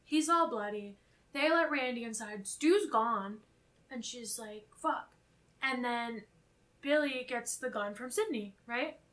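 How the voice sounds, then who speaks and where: Bright-voiced young woman recapping casually. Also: fairly high pitch, measured pace. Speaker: podcast co-host. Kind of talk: casual chat recapping a film.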